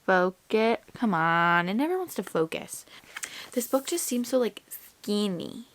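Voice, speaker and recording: A young woman chatting casually in a reading vlog, gushing and filling her talk with "like". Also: medium pitch. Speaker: book vlogger.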